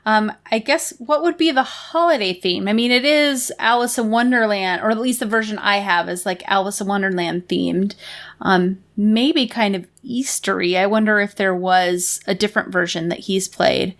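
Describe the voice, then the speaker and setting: Relaxed woman podcast co-host. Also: mid-range voice, moderate pace. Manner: relaxed, musing, hesitant with fillers. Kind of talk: casual chat about board games.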